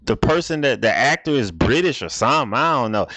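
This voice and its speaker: A man's voice: mid-range voice, sing-song, fairly quick, a bit bright, no echo. A man hosting a casual reaction video, talking in a rambling, repetitive, laid-back way.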